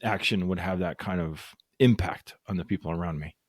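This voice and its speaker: Very deep-voiced male podcast host. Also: brisk, no echo, clean studio sound. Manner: candid, anecdotal, self-deprecating. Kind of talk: casual conversational interview.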